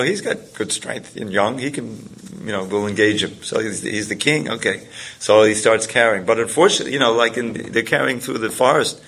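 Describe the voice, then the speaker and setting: Husky male teacher, low voice, loose rambling storytelling with restarts. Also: fairly bright tone. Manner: rambling, many restarts and "you know"s, chuckles often. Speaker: spiritual teacher. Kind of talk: storytelling talk to a group.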